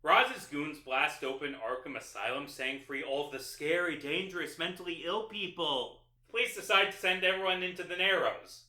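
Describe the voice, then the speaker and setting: A man's voice: a little high, normal speed, sharp tone, echoey room. A man narrating a sarcastic video essay, exasperated and mocking as he picks apart a film.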